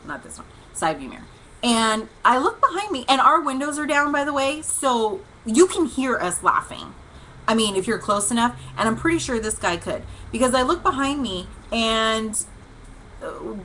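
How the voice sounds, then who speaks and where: Chatty woman host on a livestream, bright voice a bit high, telling a funny rambling story, faint background noise. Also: moderate pace, rough recording. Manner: animated, laughing storyteller, lots of "like" and "okay". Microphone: livestream webcam mic.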